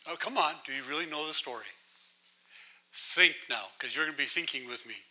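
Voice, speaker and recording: A man teaches scripture as a pastor, drawing his listeners in with questions and a steady stream of "right?". His voice sits high and sounds very bright. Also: fairly quick, slight background noise, rough recording. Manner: conversational, keeps asking "right?". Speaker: pastor leading a Bible study. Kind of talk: interactive sermon with questions to the audience.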